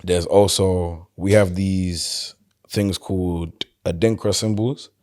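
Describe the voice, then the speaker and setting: A man with a South London accent, chatting casually as a podcast guest and telling stories in a relaxed, loose way. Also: low-pitched, takes it slowly. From London, England. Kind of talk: casual conversation.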